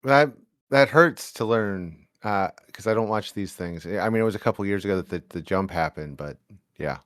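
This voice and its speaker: A man's voice: on the low side, normal speed, fairly bright tone, no echo. An American man co-hosting a podcast, talking bluntly and sarcastically, with casual swearing. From United States. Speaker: podcast co-host. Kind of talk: casual chat.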